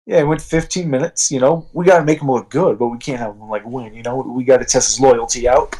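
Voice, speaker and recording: A man's voice: medium pitch, fast talker, warm tone, low-quality recording. A slightly drunk man co-hosting a casual podcast chat, rambling, swearing and laughing as he talks. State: a little drunk. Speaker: co-host.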